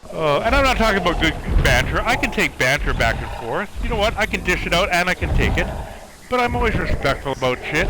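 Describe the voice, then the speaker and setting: A man's voice: medium pitch, noisy background. A man ranting on a livestream, exasperated and profane while talking over his gameplay.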